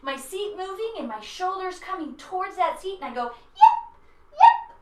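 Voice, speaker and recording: A woman's voice: extremely high pitch, animated, a little fast, a bit bright. A woman guiding a children's yoga class in a playful, encouraging way. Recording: roomy echo, mic at a distance.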